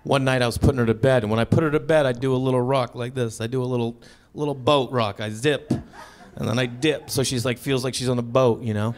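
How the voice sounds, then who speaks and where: A man in his thirties performing a stand-up comedy set, telling stories in a deadpan, conversational way into a handheld stage mic. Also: medium pitch, fairly quick. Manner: deadpan, conversational storytelling with acted-out asides. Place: comedy stage before a live audience.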